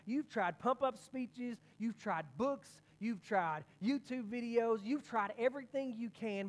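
A man preaching a sermon as pastor, telling a story with energy and many quick restarts. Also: high-pitched.

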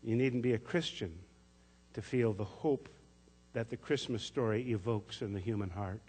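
A man preaching a sermon as pastor, telling a story in a gentle, measured way. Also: fairly low pitch, slightly rough. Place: church sanctuary. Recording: echoey church sanctuary.

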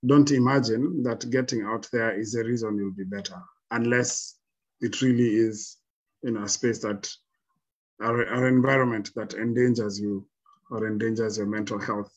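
A man speaking as a panel guest, giving reflective advice in a measured, halting way with frequent restarts. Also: fairly low pitch, steady tone, slightly rough, lo-fi sound.

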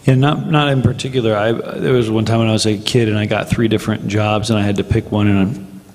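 A man speaking casually as a guest on a convention panel, relaxed and hesitant with many fillers. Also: lowish voice, fairly quick. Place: large convention hall. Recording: reverberant convention hall PA.

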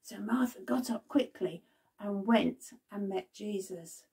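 A woman's voice: mid-range voice, slow pace, creaky, dark tone, slightly rough, distant mic. A woman leading a children's Bible club, telling the story expressively and asking the children questions.

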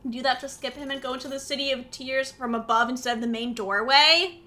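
A woman's voice: sits high, steady tone, a little fast, bright, forceful tone. A woman streamer chatting playfully with her chat while gaming, goofy and self-mocking. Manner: playful, silly, talks to chat.

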